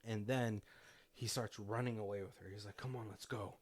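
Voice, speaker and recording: Man, podcast co-host, casual film chat, lively storytelling, breaks into laughter, acts out quotes. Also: fairly low pitch, moderate pace. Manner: animated retelling, acting out quotes, frequent laughter. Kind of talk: casual movie commentary chat.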